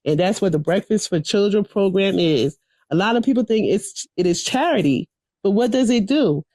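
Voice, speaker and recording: A woman's voice: mid-range voice, animated, moderate pace, mellow, dry recording, studio quality. A woman reciting a political speech to a class over a video call, in a rhythmic, preachy call-and-response manner. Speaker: political education speaker.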